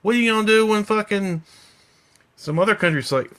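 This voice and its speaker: A man's voice: sits high, a little fast, fairly bright tone. A slightly drunk man ranting on a live stream, heated, profane and rambling. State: a little drunk. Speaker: vlogger.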